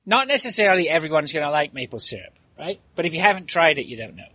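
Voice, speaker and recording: A man hosts a casual podcast chat in a slightly husky voice. His pitch rises and falls a lot as he spins out a rambling story full of asides. The sound is close and dry. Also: very animated, quick pace, pushed and bright, no echo. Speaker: podcast host.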